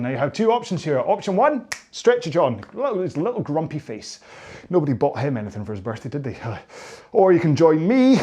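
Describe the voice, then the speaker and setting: A man's voice: fairly high pitch, a little mellow. A middle-aged man leading stretches after a rowing workout, chatty and self-mocking, with rambling asides. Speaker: rowing coach. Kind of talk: follow-along workout instruction.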